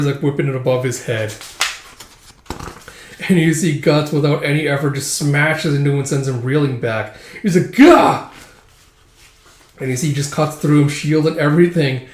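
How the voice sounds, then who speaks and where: A man's voice: on the high side, a little fast. A man casually retelling a manga story with a loose, filler-heavy manner. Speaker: manga reader. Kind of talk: casual manga read-through. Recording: echoey room.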